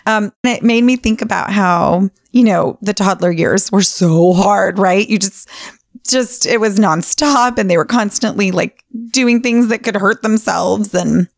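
A mid-pitched woman in her forties co-hosts a casual podcast, speaking candidly and laughing often. She swears freely as she talks about her children. The sound is dry and close, with no room around it. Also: a little slow, vocal fry, no room sound. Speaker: podcast co-host. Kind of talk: casual chat.

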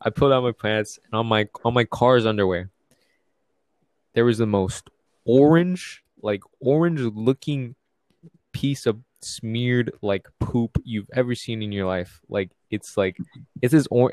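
Low-voiced young guy telling a crude story. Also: normal speed, a little mellow, dry recording. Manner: profane, rambling, comic. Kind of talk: casual chat, storytelling.

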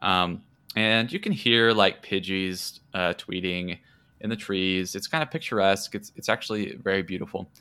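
A man's voice: low-pitched, moderate pace, sharp tone, smooth. A man narrating as game master, hesitant and full of filler words. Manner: hesitant, full of ums and likes.

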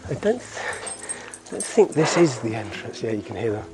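A man's voice: medium pitch, sing-song, brisk. A middle-aged man hosting a community podcast outdoors, walking a hillside road and chatting casually with frequent chuckles.

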